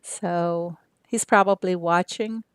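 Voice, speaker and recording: An older woman from Arkansas, chatting casually with viewers on her game livestream in an unhurried way with lots of fillers. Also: on the low side, fairly even intonation, clear, resonant tone, no echo, clean studio sound. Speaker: game streamer.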